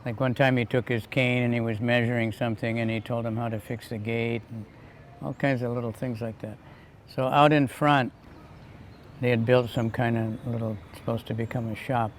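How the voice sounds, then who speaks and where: A man's voice: mid-range voice, steady tone, moderate pace, a little hiss or hum. An older man rambling casually through a personal memory. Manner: rambling, conversational storytelling. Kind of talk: personal reminiscence.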